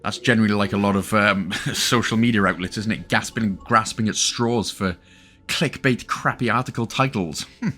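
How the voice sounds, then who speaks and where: A man's voice: lowish voice, moderate pace, pushed and bright. A Welsh man hosting an achievement guide, talking chattily with joking asides. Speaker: gaming channel host. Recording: faint game music behind.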